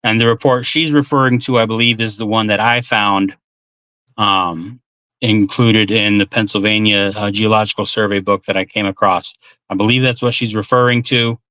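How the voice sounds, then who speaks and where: A man's voice: on the low side, fairly even intonation, moderate pace, pushed and bright, smooth, no room sound. A man hosting a talk show, reading passages aloud and adding casual asides with frequent ums. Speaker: podcast host.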